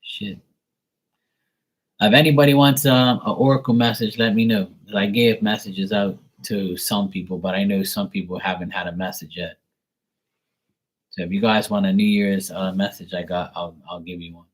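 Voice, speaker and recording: A man with a lowish voice chats casually on his own livestream, a tarot reader hosting viewers. He talks loosely and swears freely, leaning on "like" between thoughts. The talk stays relaxed and unscripted throughout. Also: moderate pace, poor audio. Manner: loose and profane, heavy on fillers like "like".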